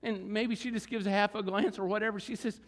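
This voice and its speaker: Guy preaching a sermon, pretty high voice, slows way down to hit points, big church echo. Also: fairly even intonation. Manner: dramatic retelling with acted quotes, slowing for emphasis. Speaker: pastor. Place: church sanctuary.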